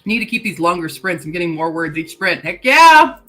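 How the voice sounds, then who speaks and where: A woman's voice: fairly low pitch, quick pace, pushed and bright, soft background music, rough recording. A woman hosting a casual writing-sprint livestream. She reads chat comments aloud, laughs often and talks while chewing candy.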